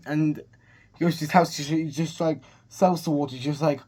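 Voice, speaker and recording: A man's voice: fairly high pitch, fairly even intonation, brisk, a little mellow. Rambling man recapping a film. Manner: rambling, full of restarts and "he's just like". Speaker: movie reviewer.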